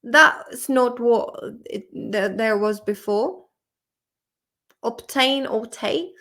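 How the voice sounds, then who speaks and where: Woman english teacher, casual and emotional, laughs and swears a lot, bit high voice. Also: drawn-out words, fairly bright tone. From Czech Republic. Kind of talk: casual vlog-style study session.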